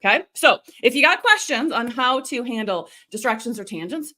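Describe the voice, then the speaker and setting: A woman coaching live on a stream, in a chatty, animated way with quick asides. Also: a little high. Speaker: online video coach hosting a live stream. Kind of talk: casual live-stream teaching.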